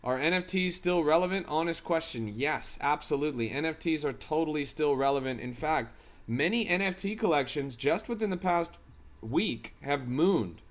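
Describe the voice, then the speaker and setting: Man, slightly high voice, crypto stream host, hyped, slangy, casual live commentary. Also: expressive, moderate pace. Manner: hyped, slangy, talks to chat.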